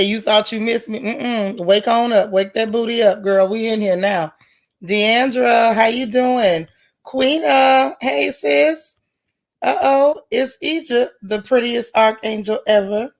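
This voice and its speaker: A woman hosting a casual livestream, chatty and folksy, greeting each viewer by name with pet nicknames. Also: fairly high pitch. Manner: folksy, relaxed slang. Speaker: livestream host. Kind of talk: casual live-chat stream.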